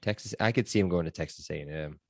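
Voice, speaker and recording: A man with a very low voice hosts a casual sports podcast. He talks in a chatty, loose way with plenty of fillers. The sound is dry and close. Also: quick pace, no room sound. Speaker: podcast host.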